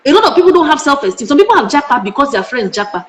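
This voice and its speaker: A woman's voice: high voice, sing-song, racing. A middle-aged Nigerian woman, a parenting educator, speaking passionately in an interview and firing off emphatic rhetorical questions. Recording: echoey room.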